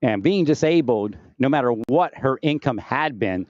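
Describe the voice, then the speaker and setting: A man's voice: mid-range voice, animated, moderate pace, darkish tone, dry recording, highs cut off. A man rambling through a personal monologue into his own mic at home, distracted and restarting often. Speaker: vlogger. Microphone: home recording setup with phantom-powered mic.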